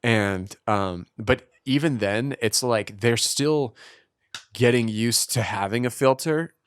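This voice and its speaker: A man's voice: mid-range voice, takes it slowly, clean tone, dry recording, clean studio sound. A young man co-hosting a podcast, joking, laughing often and mimicking people in casual chat. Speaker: podcast co-host.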